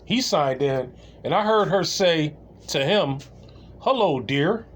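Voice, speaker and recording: A man's voice: a little high, animated, unhurried, slight background noise. A man telling a comedic anecdote in a casual, rambling way, with many restarts and laughs. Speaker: storyteller.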